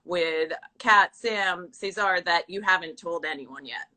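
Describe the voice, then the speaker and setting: Bright-voiced woman hosting a live chat. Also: fairly low pitch, measured pace. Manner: encouraging, frequent short backchannels. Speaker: interviewer host. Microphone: phone on a video call.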